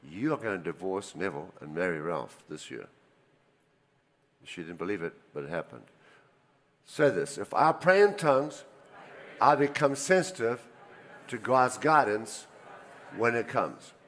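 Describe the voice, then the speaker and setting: An older man preaching a sermon, telling personal stories and swinging between loud emphasis and quiet asides. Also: fairly low pitch. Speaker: pastor. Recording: reverberant hall.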